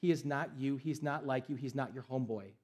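A man's voice: medium pitch, a little fast, a little mellow. A young adult man, a pastor preaching a sermon in an emphatic, conversational way.

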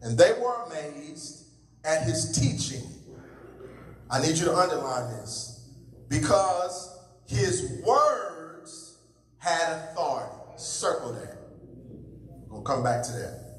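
A man preaching in a church, his voice pitched high and delivered slow and deliberate, calling on the congregation to answer back. He swings between raised calls and quiet asides, heard from a distance with a long echo through the hall. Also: big pitch swings, a little hiss or hum. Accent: American. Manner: call-and-response preaching, swinging between shouts and low asides. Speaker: pastor. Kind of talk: sermon. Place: large church sanctuary. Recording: echoey hall from far off.

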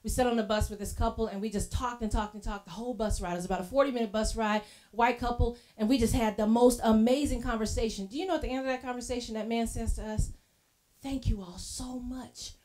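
Lady preacher telling stories in church, kinda high voice, chatty and animated. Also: fast, hardly any pauses. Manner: lively storytelling, acting out quoted voices; casual colloquial phrasing. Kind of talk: sermon.

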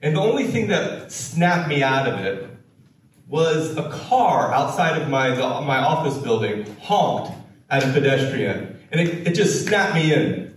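Male keynote storyteller, unhurried and dramatic, slightly high voice, heard from a distance in a big room. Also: big pitch swings, very echoey, a little hiss or hum. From United States. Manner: slow, dramatic storytelling with acted quotes. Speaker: keynote speaker. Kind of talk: storytelling talk on stage.

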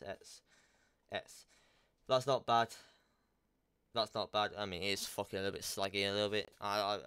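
A young YouTuber with a lowish, fairly bright, smooth voice tells a story casually. He rambles crudely and reads text messages aloud, swearing plenty along the way.

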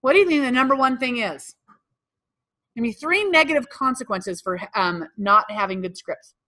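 A woman's voice: a little high, animated, normal speed, pushed and bright. A woman sales trainer leading a live workshop, quizzing the room and repeating the audience's answers back to them. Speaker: real estate sales trainer.

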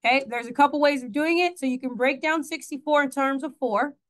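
A woman with a bright, high voice teaches a math lesson in a classroom. She talks in a chatty way, keeps asking the class questions and corrects herself as she goes. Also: fairly quick.

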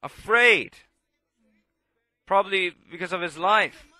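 Guy preaching a sermon, high bright voice, gets loud then goes quiet, super dry mic. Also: takes it slowly, no echo. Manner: impassioned, swinging from loud to hushed.

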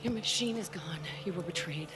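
A woman's voice: on the low side, fairly quick, natural voice. An actress voicing an earnest woman in a video game, urging someone to stay. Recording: game audio under loud music.

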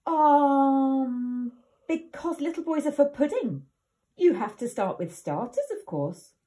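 A woman's voice: high voice, very animated, slow pace, mellow, pitched above the performer's own voice, heavily acted. A woman voicing a crafty young boy who is trying to outwit the wolves. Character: crafty young boy, nervous but clever.

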